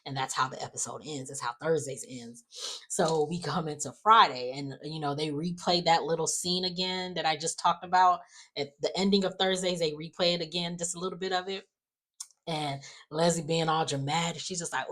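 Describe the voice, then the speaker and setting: A woman's voice: low voice, steady tone, moderate pace. A woman casually recapping soap opera episodes, chatty and full of fillers, acting out quotes. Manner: chatty, many fillers and restarts, acts out quotes.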